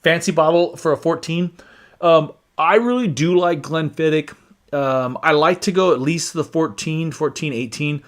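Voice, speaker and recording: A man's voice: on the high side, moderate pace. Casual man hosting a whiskey live stream. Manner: chatty, reads viewer comments aloud, stumbles and restarts. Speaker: whiskey channel host.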